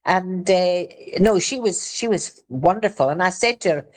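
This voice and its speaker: A woman with a Scottish accent, chatting lively in an interview as an actress guest and laughing easily. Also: on the low side, moderate pace. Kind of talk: casual interview chat.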